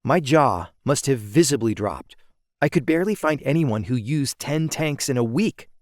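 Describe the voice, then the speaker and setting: Recorded close on a studio mic with no echo, a man narrates his own first-person audiobook. His medium-pitched voice moves at a moderate pace in a steady storytelling manner.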